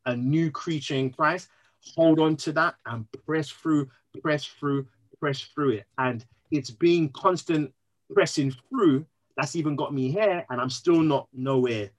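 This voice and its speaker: A man, speaking as a podcast guest, earnest and emotional, telling his story in an animated way. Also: fairly high pitch, unhurried, low-quality recording. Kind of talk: candid interview conversation.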